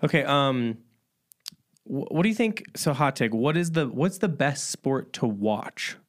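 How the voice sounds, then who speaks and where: A man's voice: medium pitch, measured pace. A young man from the US Midwest, co-hosting a podcast, chatting casually and reacting with amused disbelief. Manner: animated, incredulous. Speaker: podcast co-host. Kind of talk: casual chat.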